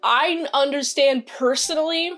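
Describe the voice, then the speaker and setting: A woman's voice: sits high, measured pace, a bit bright. A woman casually recapping and reviewing a TV episode, rambling with lots of "like" and "uh", sometimes talking straight to the characters in playful exasperation. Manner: chatty, rambling, frequent "like" and "uh" fillers. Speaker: TV show reviewer. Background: faint background music.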